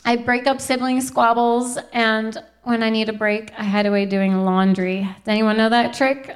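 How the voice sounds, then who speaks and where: A woman's voice: on the high side, little pitch movement, normal speed, hardly any pauses. A woman in her thirties giving a heartfelt faith testimony to a live audience, earnest and chatty with laughing asides to the crowd. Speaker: Christian speaker.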